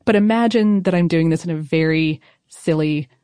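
A woman's voice: low voice, moderate pace, mellow, clear, resonant tone, dry recording, clean studio sound. A woman co-hosting a podcast who explains food history in a chatty, informal way, with fillers and small laughs. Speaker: podcast co-host. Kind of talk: casual chat explaining history.

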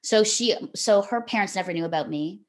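A woman's voice: mid-range voice, fairly quick. A middle-aged woman, a television host speaking as a podcast guest, telling a personal story earnestly and from the heart, with frequent restarts. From Canada.

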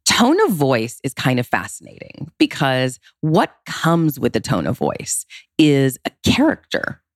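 Low-voiced expressive woman, dry sound. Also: unhurried, no echo. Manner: expressive, emphatic with big pitch leaps. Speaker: relationship consultant. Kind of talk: podcast interview.

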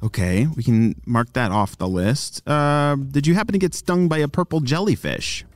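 A man voicing a curious, excitable young girl with a squeaky, high voice full of questions. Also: normal speed, dry recording, soft background music, close to an everyday voice. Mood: puzzled.

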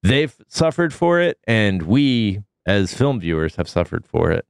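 A man co-hosting a podcast, talking through a cold in a deep gravelly voice, relaxed and full of ums. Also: unhurried, dry recording, studio quality. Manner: relaxed, with many ums and uhs. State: sick, foggy. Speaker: podcast co-host. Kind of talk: casual news chat.

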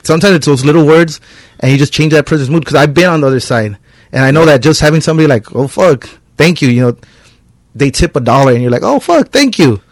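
A man's voice: fairly high pitch, fast talker, no room sound. A man who is a guest on a podcast, speaking in a laid-back way and swearing casually.

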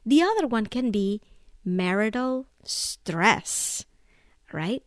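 A woman's voice: fairly high pitch, big pitch swings, slow, no room sound, studio quality. A woman in her thirties hosting a podcast, talking casually on her own and telling a story, often checking in with "right?". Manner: chatty storyteller, keeps asking "right?". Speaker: podcast host. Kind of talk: casual solo monologue.

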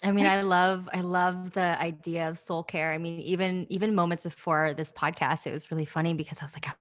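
A woman's voice: fairly low pitch, steady tone, a little fast, dry recording, studio quality. A woman in casual podcast chat, telling a reflective, sensory story.

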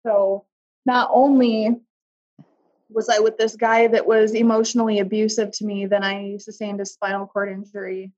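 A woman recounts a hard stretch of her life as a guest, stopping and restarting her sentences and letting some words fade into pauses. Her voice sits at a middling pitch. The recording is a little muffled and dull. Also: little pitch movement. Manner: halting, with restarts and soft trailing pauses. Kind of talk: personal story in conversation.

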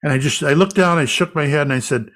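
A man guest in an interview, a medium, recounting an experience as a lively anecdotal storyteller. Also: fairly high pitch, fast.

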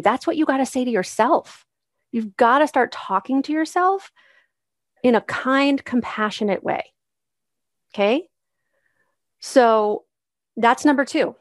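A woman's voice: on the high side, no room sound, studio quality. A woman hosting a solo podcast, coaching moms in a casual, encouraging way and acting out the voices she quotes.

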